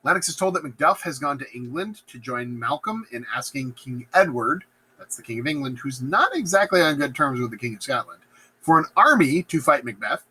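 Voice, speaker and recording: A man's voice: mid-range voice, lively intonation, fairly quick, pushed and bright, husky, low-quality recording. A man casually summarizing a play as a teacher, playful and joking as he talks. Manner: playful, acts out characters in silly voices. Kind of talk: casual plot summary lecture.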